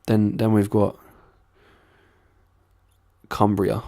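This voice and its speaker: A man from the south of England, hosting a casual accent video, swearing constantly and slipping into quick impressions as he talks. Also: lowish voice, completely flat delivery, darkish tone, clear, resonant tone, dry recording, clean studio sound.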